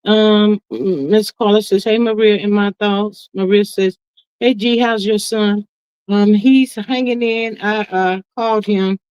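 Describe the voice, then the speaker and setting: Reading out viewer comments on her live stream, this middle-aged woman keeps things casual and folksy, addressing everyone as honey and child. Her mid-range voice is a little mellow and clean in tone, and her manner is emphatic and talkative, full of drawn-out asides. Sound is dry, slightly muffled, and lo-fi.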